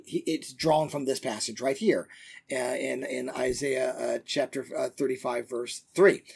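A man teaching verse by verse through a Bible book, talking conversationally with many fillers and reading the passages slowly. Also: medium pitch, fairly even intonation, vocal fry, slightly rough. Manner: reads scripture passages slowly and deliberately.

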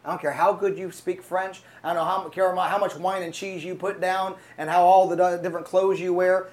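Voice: medium pitch, flat delivery, brisk, hardly any pauses, darkish tone. A preacher delivering a sermon, telling a story with frequent fillers and restarts and calling out to the congregation for responses.

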